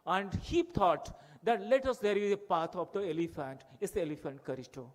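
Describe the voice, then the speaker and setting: This is a man with an Odia-accented Indian English, delivering an impassioned speech to a conference hall. His voice sits high, and he circles back to the same phrases for emphasis. He builds his appeals through rhetorical questions. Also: a little fast. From Odisha, India. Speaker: conference speaker.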